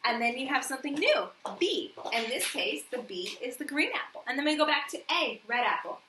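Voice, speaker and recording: A woman's voice: high-pitched, lively intonation, a little fast, bright, forceful tone, recorded from a distance, slight background noise. A woman teacher leading a morning meeting lesson for young children, patient, asking questions and giving praise. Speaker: elementary school teacher. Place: classroom. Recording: roomy echo.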